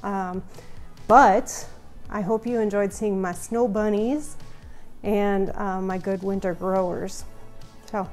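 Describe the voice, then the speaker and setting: Slow-talking chatty woman plant vlogger. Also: medium pitch, fairly even intonation, a little mellow, soft background music. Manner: chatty, goofy, rambling. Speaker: houseplant channel host. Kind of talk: casual houseplant tour vlog.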